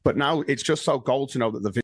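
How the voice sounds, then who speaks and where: A man guesting on a podcast, telling stories quickly and animatedly. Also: mid-range voice, slightly rough, dry recording. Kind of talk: casual podcast chat.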